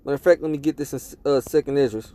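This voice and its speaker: A preacher with a warm, mid-range voice speaks very fast over a slight hiss or hum. Reading scripture during his sermon, he presses each point emphatically, punctuating lines with "man" and "all right?".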